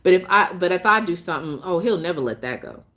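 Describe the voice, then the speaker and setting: A woman's voice: lowish voice, expressive, quick pace, fairly bright tone. A woman telling her story as a parent in a casual vlog, frustrated and emphatic, with many restarts.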